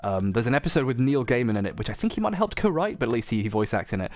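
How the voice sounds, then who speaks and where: A man's voice: mid-range voice, lively intonation, racing, no room sound. A man with a slight Yorkshire accent streaming a game, tired and joking, laughing often. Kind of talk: casual stream chat.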